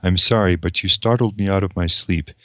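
A man's voice: low-pitched, fairly quick, a bit bright, no room sound, studio quality. A man reading aloud as a blunt, loyal young male servant. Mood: apologetic.

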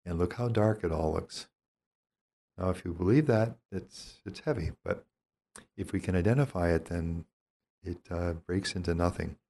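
An older man, a priest, giving a calm and reflective teaching talk on spiritual discernment. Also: sits low, normal speed. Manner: calm, reflective, gently explanatory.

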